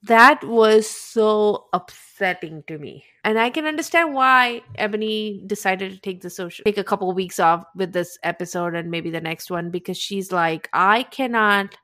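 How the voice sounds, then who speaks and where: A woman's voice: medium pitch, normal speed, hardly any pauses, fairly bright tone, no room sound, clean studio sound. A woman co-hosting a podcast in casual chat, agreeable, often chiming in with yeah and mm-hmm. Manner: agreeable, lots of back-channel yeahs and mm-hmms. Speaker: podcast co-host.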